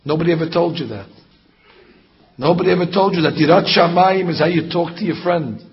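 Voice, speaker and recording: High-voiced rabbi teaching with mocking questions. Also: male voice, fairly quick. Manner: animated, mocking rhetorical questions. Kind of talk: Torah class sermon. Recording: dull lo-fi sound.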